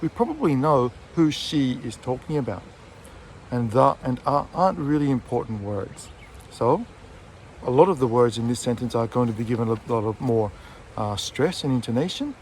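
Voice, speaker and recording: A man talks through an English lesson in an easygoing, chatty way while walking his dog beside a river. His voice sits at an ordinary middle pitch, and faint traffic hums in the background. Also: moderate pace. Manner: chatty, relaxed, with frequent fillers and self-corrections. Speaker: English teacher and textbook author. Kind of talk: casual outdoor video lesson. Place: outdoors by a city river.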